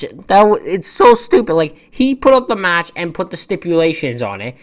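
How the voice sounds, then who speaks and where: A man's voice: on the high side, very animated, moderate pace. A man giving a casual, rambling wrestling-show recap, full of opinionated and exasperated asides. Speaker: wrestling reviewer.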